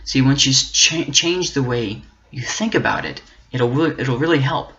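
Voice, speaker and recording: A man giving an earnest, faith-based motivational talk, encouraging and halting, often restarting and repeating words. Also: mid-range voice, a bit bright. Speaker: self-help channel host. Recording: dull, muffled lo-fi audio.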